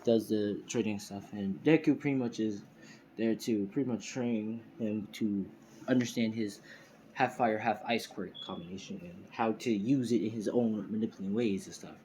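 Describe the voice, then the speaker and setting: A man's voice: on the low side, moderate pace, warm tone, slight background noise. A man casually retelling a fan-made story, rambling with lots of fillers and laughing at his own slips. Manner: rambling, full of fillers like "you know" and "pretty much".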